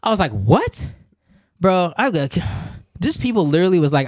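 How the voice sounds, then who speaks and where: Animated storytelling man, fairly high voice. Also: normal speed, no echo, clean studio sound. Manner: animated, acts out both sides of conversations, laughs often. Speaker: podcast co-host. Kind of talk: casual storytelling chat.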